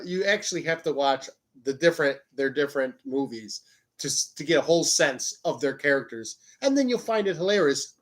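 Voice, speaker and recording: A man hosting his own show in a rambling, profane casual monologue, often cutting himself off mid-sentence. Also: on the high side. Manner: rambling, profane, self-interrupting. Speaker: podcast host.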